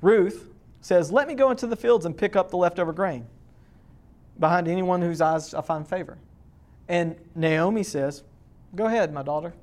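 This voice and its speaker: A man's voice: sits high, moderate pace, darkish tone. A man preaching a conversational sermon, asking the congregation questions as he goes. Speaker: pastor.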